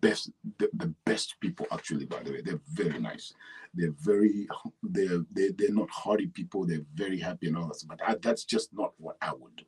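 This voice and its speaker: Husky low-voiced Kenyan man. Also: brisk, rough recording. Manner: rambling, restarts often, animated when telling stories. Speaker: actor and writer, interview guest. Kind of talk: relaxed conversational interview.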